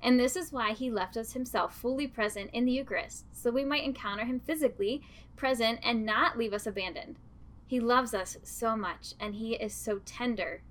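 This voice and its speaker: A woman, a religious sister, giving a gentle, earnest devotional reflection. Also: a little high, normal speed.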